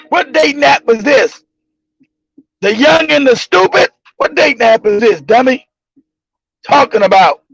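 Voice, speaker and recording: Male host, profane, mocking storyteller; gravelly and dry, lo-fi sound. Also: very high-pitched, expressive, takes it slowly, long pauses, a bit bright, no echo. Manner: profane, laughs often, mocking. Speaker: livestream show host. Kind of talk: casual comedic storytelling. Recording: dull lo-fi recording.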